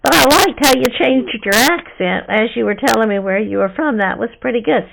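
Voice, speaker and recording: As a scam baiter on a prank phone call, a woman plays a sassy churchgoer who calls out a phone scammer bluntly. Her voice is a little high, expressive, fairly quick and creaky, with background noise. She sounds suspicious, and her delivery is blunt and teasing.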